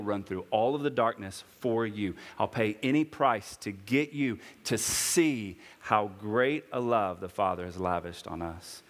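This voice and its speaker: A man in his thirties delivers a sermon in a lowish voice. He speaks earnestly and personally, and his delivery climbs into high, impassioned preaching. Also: big-room sound. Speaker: pastor.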